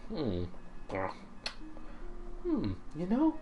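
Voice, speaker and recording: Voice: mid-range voice, wildly swooping pitch, very slow, lo-fi sound, music in the background, voice pushed up, full character voice. A streamer reading a game aloud and voicing a haughty young woman who talks with scorn. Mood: softened. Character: haughty young woman, impatient, dismissive of food.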